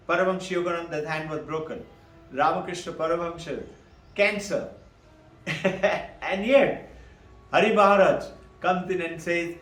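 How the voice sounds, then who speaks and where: A man's voice: high-pitched, fairly bright tone. Man teaching, echoey distant room. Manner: poses rhetorical questions and answers them himself; laughs between points, adds "no?" tag questions. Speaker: spiritual teacher. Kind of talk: teaching talk on Vedanta.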